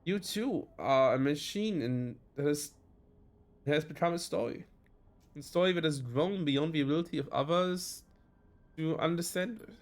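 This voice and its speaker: German-accented male streamer, a touch high-pitched, reads game narration aloud in a halting, self-correcting way. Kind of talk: reading game text aloud in a let's play.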